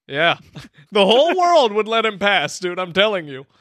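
A man's voice: high-pitched, big pitch swings, moderate pace, fairly bright tone, no echo, clean studio sound. A young man hosting a podcast, joking and laughing often in casual chat. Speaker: podcast host.

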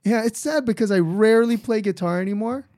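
A man's voice: high-pitched, fairly quick, a little mellow, no echo, clean studio sound. A man hosting a podcast in casual chat, easygoing and telling stories. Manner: easygoing, storytelling. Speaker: podcast host.

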